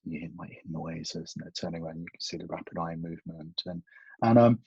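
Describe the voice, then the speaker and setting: A man, a therapist guest on a podcast, explaining patiently in a casual chat, often restarting and trailing off into quiet. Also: low voice, a little fast, vocal fry, breathy edge, no echo. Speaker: CBT practitioner guest. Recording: dull, muffled podcast audio.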